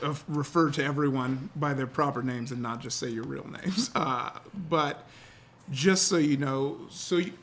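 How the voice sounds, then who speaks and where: A man's voice: mid-range voice, normal speed, fairly bright tone, a little hiss or hum. A man acting as game master, chatting casually and laughing often as he runs a tabletop role-playing game.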